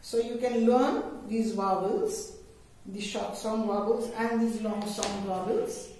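Indian woman teacher, slow word-by-word phonics drill, distant mic in a boomy room. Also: steady tone, warm tone. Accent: Indian English. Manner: deliberate word-by-word dictation, repeating each word in lists. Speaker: kindergarten English teacher. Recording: echoey room, distant mic, faint hiss.

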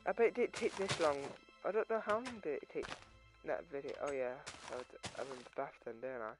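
A man's voice: a little high, big pitch swings, quick pace, low-quality recording. Rambling young-sounding man over game music. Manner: rambling, chatty, wandering off topic. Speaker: gaming channel host. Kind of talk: casual gameplay commentary. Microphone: own microphone.

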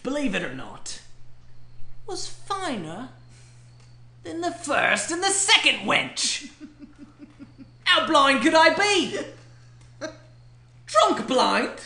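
Comic sketch: a woman playing a drunken womanizing pirate, slow, swooping hammy growl, bright. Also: high-pitched, slight background noise, exaggerated voice. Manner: hammy pirate talk with lewd pick-up lines and laughter. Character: boastful drunken male pirate, bawdy womanizer. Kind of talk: comedy sketch monologue. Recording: echoey room.

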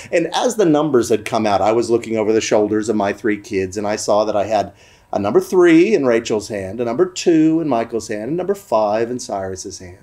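A man telling a family story in a warm, lively storytelling manner for a family worship program. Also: medium pitch, fairly quick.

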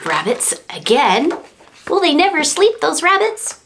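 A woman's voice: sits high, huge pitch swings, a little slow, gravelly, a bit bright, slight background noise. A woman librarian leading a story time for babies and toddlers, reading a picture book in a playful sing-song way. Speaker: children's librarian.

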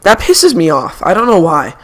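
Young man, high voice, lively swings, casual game stream chat, opinionated. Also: moderate pace. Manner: opinionated, animated sports banter. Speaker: gaming streamer. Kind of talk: casual chat while playing a video game.

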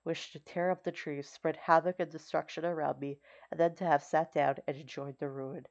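A woman narrating an audiobook in a steady, measured reading. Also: deep voice, vocal fry. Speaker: audiobook reader. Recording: slightly dull recording.

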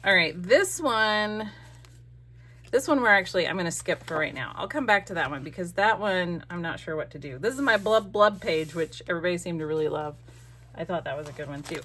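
A woman hosts her own crafting channel in a casual, rambling way. Her voice sits on the lower side, and she often breaks off mid-thought while she glues. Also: lively intonation, a little fast, pushed and bright. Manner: chatty, rambling, self-interrupting.

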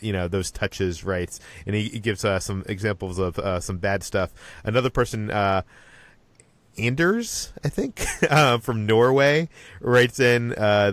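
A man's voice: on the low side, dry recording. A man from Boston hosting a podcast, chatting casually and reading listener mail with lots of fillers and restarts. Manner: halting, many fillers and restarts. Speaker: podcast host.

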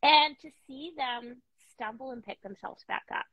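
A woman's voice: on the high side, normal speed, sharp tone, lo-fi sound. A woman hosting a casual interview over a video call, talking in an encouraging, reflective way. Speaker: podcast host.

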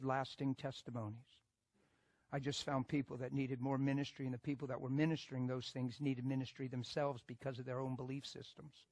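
A male preacher telling a story in a sermon, animated and emphatic, moving between loud bursts and hushed asides. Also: medium pitch, no echo.

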